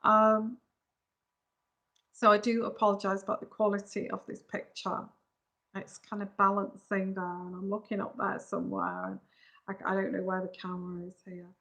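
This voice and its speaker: Brief: woman, tarot reader, frank and emphatic, clear bright tone, talking into a phone. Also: mid-range voice, little pitch movement, normal speed. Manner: frank, emphatic, talks straight to viewers. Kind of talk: live stream advice chat.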